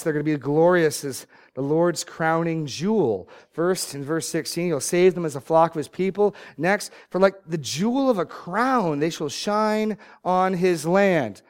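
A man preaching a sermon, reading scripture with rising emphatic bursts and quick asides to the congregation. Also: fairly high pitch. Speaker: pastor.

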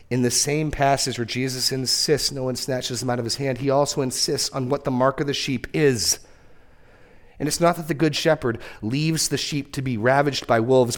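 A pastor preaches a sermon earnestly, repeating words and letting his pitch rise suddenly for emphasis.

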